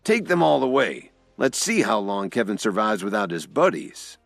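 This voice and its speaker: A man voicing an arrogant, threatening uncle who speaks proudly and loudly. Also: on the low side, big pitch swings, moderate pace, creaky, no room sound, faint music behind, full character voice.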